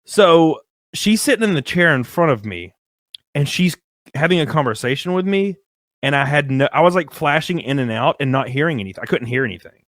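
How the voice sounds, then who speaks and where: A young man casually telling a rambling, animated story, full of "like" and casual swearing. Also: fairly high pitch, brisk, no echo, clean studio sound. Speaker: guest storyteller. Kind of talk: casual storytelling on a live stream.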